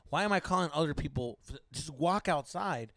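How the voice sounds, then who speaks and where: A man's voice: a little high, lively intonation, a little fast, dry recording. A young man co-hosting a casual podcast, telling crude, jokey stories and dropping in Spanish words. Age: young adult. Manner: loud, crude, jokey storyteller who mixes in Spanish words. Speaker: podcast co-host. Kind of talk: casual chat.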